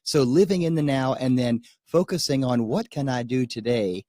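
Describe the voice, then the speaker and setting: Guy co-hosting a radio show, earnest and upbeat, mid pitch, dry studio sound. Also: moderate pace, dark tone, no echo. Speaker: guest co-host. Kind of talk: casual radio talk.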